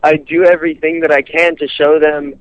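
A man's voice: on the high side, flat delivery, brisk, a little hiss or hum. A seventeen-year-old boy from Colorado calling in to a radio show, hesitant and full of "like" and "um". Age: teens. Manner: hesitant, lots of "like" and "um". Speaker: caller. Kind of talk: phone-in conversation. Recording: dull, dry phone-in line.

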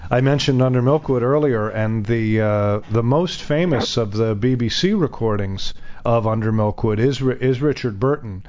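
A man's voice: mid-range voice, a little mellow. Chatty male radio host, lo-fi sound. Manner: chatty, teasing, halting. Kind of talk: casual radio interview. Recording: dull lo-fi radio audio.

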